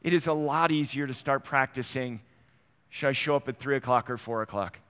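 A man's voice: medium pitch, a little fast, fairly bright tone, clean tone. A middle-aged man preaching a sermon as pastor, in a conversational way that acts out small everyday dialogues. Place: church sanctuary. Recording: long hall reverb.

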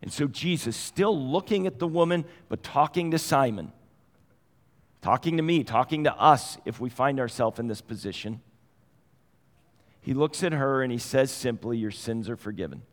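A middle-aged man preaching a sermon, telling stories conversationally and moving between quiet and animated passages. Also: medium pitch, moderate pace. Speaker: pastor. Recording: long hall reverb.

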